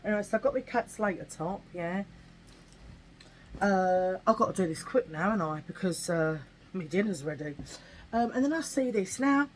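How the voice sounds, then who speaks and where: An English woman vlogger chats casually and animatedly about her shopping finds, dropping in slangy asides. Her voice is lowish and her pace moderate, and the poor audio carries a little hiss or hum.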